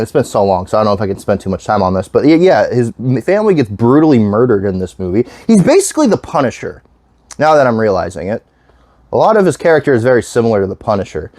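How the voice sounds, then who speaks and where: A man chatting casually on his vlog, rambling from one thought to the next and swearing freely. He restarts sentences often, in a mid-pitched voice with a dry, close sound. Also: very animated, fast talker, darkish tone, no echo. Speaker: vlogger. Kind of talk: casual chat.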